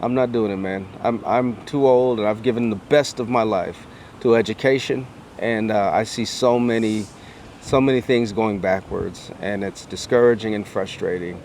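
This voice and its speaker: A man's voice: on the low side, normal speed, a little mellow, a little hiss or hum. Earnest middle-aged man telling a story. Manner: earnest, builds with repeated phrases like a preacher. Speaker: educator and speaker. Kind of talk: personal storytelling vlog.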